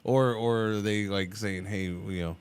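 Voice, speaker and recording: A man's voice: on the low side, fairly even intonation, measured pace, smooth. A man streaming a game, chatting casually and answering his chat, rambling and stumbling over repeated words. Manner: talks back to chat messages.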